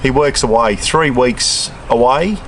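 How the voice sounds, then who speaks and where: A retired Australian bloke in his sixties chats away while he cooks on an outdoor camp stove. His talk rambles and wanders in an easygoing way, with "bloody" dropped all through it. His voice sits at an ordinary middle pitch, and faint outdoor noise hums behind him. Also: unhurried, a bit bright. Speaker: cooking vlogger. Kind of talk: casual outdoor camp cooking chat.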